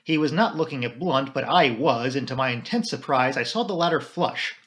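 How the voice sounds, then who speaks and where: A man narrating a classic mystery novel in a measured storybook reading. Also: mid-range voice, animated, a bit bright. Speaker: audiobook reader. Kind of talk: scripted narration.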